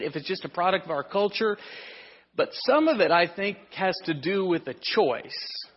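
A pastor preaching a sermon in a conversational, storytelling way with rhetorical questions. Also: male voice, sits high, breathy edge. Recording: muffled sound in a reverberant hall.

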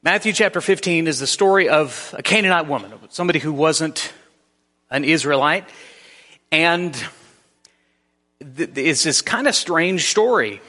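A man's voice: on the high side, animated, moderate pace, long pauses, sharp tone, long reverb tail. A man preaching a sermon in a conversational way, often restarting his sentences. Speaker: pastor.

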